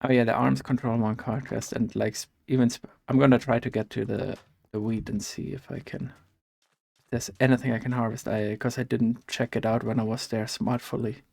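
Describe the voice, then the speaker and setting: A man's voice: medium pitch, level tone, a little fast, creaky, darkish tone, no room sound. A man with a German accent and a German first language, chatting casually while he plays a game, rambling and thinking aloud with many fillers and restarts. He mentions having allergies. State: has allergies. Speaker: gaming vlogger.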